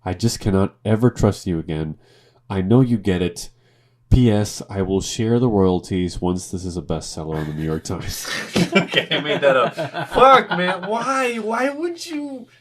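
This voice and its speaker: Tipsy guy co-hosting, reading stuff out all pompous and dramatic, low voice that swings all over. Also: animated, normal speed, crowd noise. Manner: theatrical, pompous reading with loud swears. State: tipsy from drinking. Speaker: podcast co-host. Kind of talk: reading posts aloud in a mock-dramatic voice.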